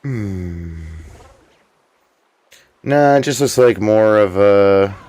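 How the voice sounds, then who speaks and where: Low-voiced man rambling casually. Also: a little slow, darkish tone, smooth, no echo. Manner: rambling and offhand, swears casually. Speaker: streamer host. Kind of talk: casual gameplay commentary.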